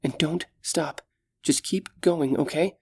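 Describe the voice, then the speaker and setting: A man voicing a frightened but brave young female elf in an audiobook, speaking in urgent, hushed tones. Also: on the high side, slow, breathy edge, pitched above the performer's own voice, full character voice. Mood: pleading. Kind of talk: audiobook character voice.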